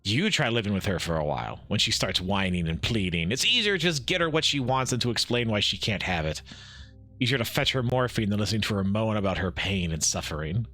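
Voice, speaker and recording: Guy streaming a game and reading all the lines out loud, bouncy voice, bright sound. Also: lowish voice, dry recording, faint music behind. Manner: animated, laughs often, quick asides. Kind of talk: live game playthrough, reading dialogue aloud.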